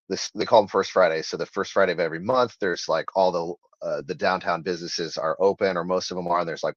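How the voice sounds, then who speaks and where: A man's voice: low-pitched, dry recording. A man being interviewed as an author, talking casually in long rambling sentences full of fillers and restarts. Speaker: author guest. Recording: slightly dull, lo-fi sound.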